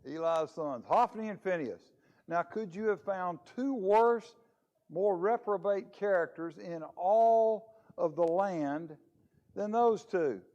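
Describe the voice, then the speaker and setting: A man's voice: high-pitched, slow pace, mellow, dull audio. A man preaching a conversational Bible lesson in church, with a chatty manner full of rhetorical questions. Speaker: preacher teaching a Bible class.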